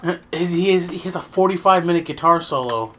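A man co-hosting a game playthrough, cracking quick jokes and doing silly voices. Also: on the high side, a bit bright, a little hiss or hum. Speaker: gameplay co-host. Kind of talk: casual gaming banter.

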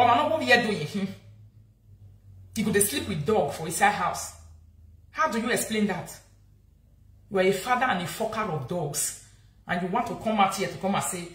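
A social media vlogger with a Nigerian accent angrily scolds and insults someone during a heated live-video rant, repeating herself as she goes. Her mid-range voice has a fairly bright tone, and the room echoes.

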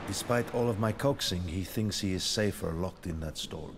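A man's voice: deep voice, moderate pace, a crowd in the background. An actor playing a formal, genteel male doctor in a horror video game. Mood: courteous. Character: prim old-fashioned male doctor, mannered and evasive.

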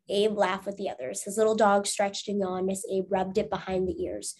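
A woman teacher reading a storybook aloud to her schoolchildren at home, clear and patient. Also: mid-range voice, steady tone, moderate pace, few pauses, a little mellow. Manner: clear, patient, asks the class questions.

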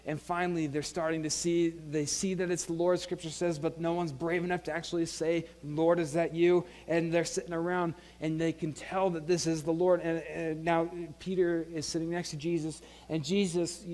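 Male pastor, sermon, conversational retelling with voiced characters; slightly high pitch, reverberant hall. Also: a little mellow. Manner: retells scripture in casual dialogue, acting out voices. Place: church sanctuary.

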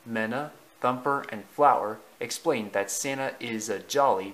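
A man reads a storybook aloud slowly and deliberately, making small slips along the way. His mid-range voice has a fairly bright tone, and the audio is poor.

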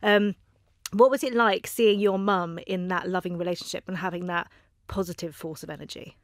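A woman, hosting a podcast and asking gentle, reflective interview questions. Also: lowish voice, fairly even intonation, normal speed, no room sound, clean studio sound. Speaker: podcast host. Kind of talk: conversational interview.

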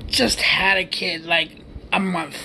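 Gravelly man telling a rambling story. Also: sits high, fairly even intonation, takes it slowly, bright, forceful tone, slight background noise. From United States. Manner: profane, rambling, laughs while telling. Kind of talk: casual storytelling.

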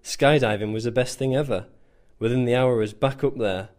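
A man's voice: medium pitch, fairly quick, a little mellow. A man narrating a scripted first-person story in a dry, self-mocking way. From England. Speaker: volunteer soldier.

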